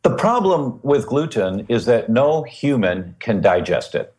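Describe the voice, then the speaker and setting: A middle-aged man speaks as a podcast guest, explaining things the way a teacher would. His pitch is in the middle of the range, but it swings widely and with energy as he builds vivid analogies and repeats his key points. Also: big pitch swings, measured pace, darkish tone. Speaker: guest expert on gluten and health.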